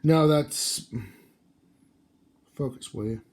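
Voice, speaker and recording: A yawning man casually mutters card names while opening booster packs for a card-opening video. He talks slowly in a high-leaning, darkish voice, and the recording has a little hiss or hum.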